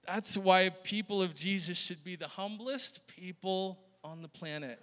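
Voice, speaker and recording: A man's voice: high voice, measured pace, a bit bright. A male pastor preaching a conversational sermon, often laughing and asking the crowd questions. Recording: long hall reverb.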